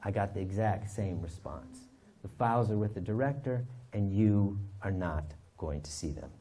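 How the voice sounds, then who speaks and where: Low-voiced man telling an anecdote. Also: normal speed, a little hiss or hum. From United States. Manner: anecdotal, lively storyteller. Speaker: author and historian. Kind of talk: storytelling talk.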